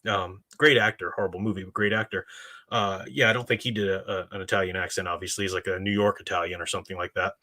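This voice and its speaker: Forceful low-voiced opinionated man. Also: steady tone, fast talker. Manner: opinionated and emphatic. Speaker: live-stream show host. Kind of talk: casual live-stream commentary, reading chat.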